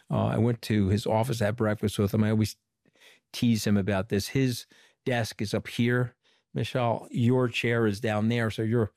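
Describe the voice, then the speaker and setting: A middle-aged man from Long Island speaks in a lowish voice, recounting events as an interview guest. He acts out the people he quotes in little bits of dialogue. The sound is dry, with no room around it. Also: no echo. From Long Island, New York. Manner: animated storyteller who quotes people in dialogue. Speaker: interview guest, former communications director. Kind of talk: conversational storytelling interview.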